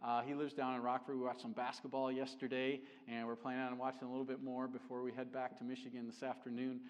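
A middle-aged man preaching a sermon as a visiting missionary, conversational and joking, growing animated as he builds a point. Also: medium pitch, fast. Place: church sanctuary. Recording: long hall reverb.

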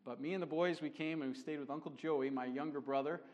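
A middle-aged man preaching a sermon as a visiting missionary, conversational and joking, growing animated as he builds a point. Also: a little high, fast talker, dull audio. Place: church sanctuary. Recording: long hall reverb.

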